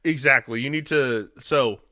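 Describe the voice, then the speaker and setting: A man co-hosting a casual podcast chat, an animated storyteller who acts out comedy sketches in high squeaky voices. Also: measured pace, no room sound, clean studio sound. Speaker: podcast co-host.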